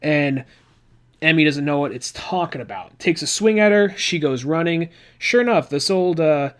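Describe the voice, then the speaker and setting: A man's voice: on the high side, expressive, moderate pace, clean tone. A man hosting a podcast, recapping a comic book in a rambling, chatty way with asides. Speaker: podcast host.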